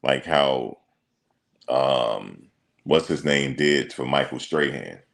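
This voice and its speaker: A man with a very deep, gravelly voice chats at a slow pace. He's a reaction streamer casually reading viewer comments, bantering in a relaxed, slangy way and thinking aloud with lots of ums.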